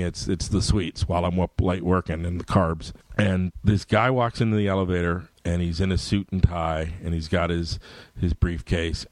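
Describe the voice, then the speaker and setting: A middle-aged comic book writer with a low-pitched voice tells stories in casual conversation, leaping into loud voices whenever he quotes someone. There is no room sound.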